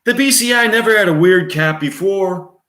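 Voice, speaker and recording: A tough male cop with a New York accent, as a man puts him on. The voice jumps far above the man's usual pitch and sounds set back from the mic. It sounds like an echoey room. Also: animated, normal speed, pushed and bright. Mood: scornful.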